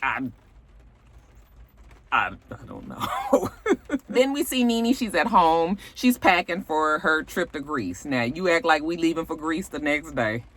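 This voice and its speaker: A woman's voice: deep voice, sing-song, slow, a bit bright. A young adult woman giving a blunt, gossipy recap of a reality show, full of asides and swearing. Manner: sassy, blunt, gossipy, with frequent asides and profanity. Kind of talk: casual recap commentary.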